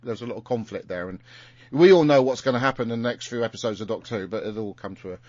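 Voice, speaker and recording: A man's voice: medium pitch, very fast, darkish tone. A man hosting a podcast, casually recapping an episode in a rambling way with lots of fillers and restarts. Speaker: podcast host. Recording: muffled lo-fi recording.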